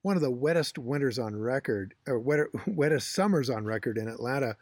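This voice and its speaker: A middle-aged man co-hosting a podcast, telling rambling stories in a casual, animated way. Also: mid-range voice, a little fast, no room sound. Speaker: podcast co-host. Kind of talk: casual chat.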